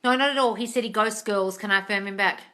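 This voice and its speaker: A woman hosting a livestream Q&A from a room at home into a tablet, animated, swearing freely and calling listeners darling. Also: medium pitch, fast talker. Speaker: host answering viewer questions. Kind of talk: livestream Q&A chat. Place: room at home with door open.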